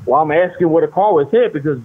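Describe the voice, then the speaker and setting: A man answering a prank call, talking calmly and teasingly while trying to soothe the caller. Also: on the high side, fast talker. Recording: tinny phone line.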